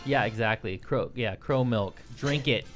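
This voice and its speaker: A man's voice: mid-range voice, measured pace. A man co-hosting a music show, bantering in a playful, goofy way. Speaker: co-host. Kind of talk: casual chat.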